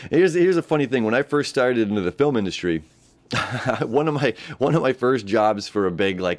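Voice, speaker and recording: A man, hosting a casual astrology talk, rambling and repeating himself, and often laughing. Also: fairly low pitch. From United States. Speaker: astrology host. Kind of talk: casual spoken horoscope talk. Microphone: camera setup.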